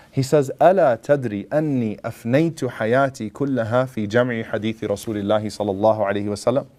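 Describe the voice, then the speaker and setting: Lively male lecturer telling stories. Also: medium pitch, quick pace. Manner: casual and lively, acts out quoted lines, mixes in Arabic phrases. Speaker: imam giving a lecture. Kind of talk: storytelling lecture.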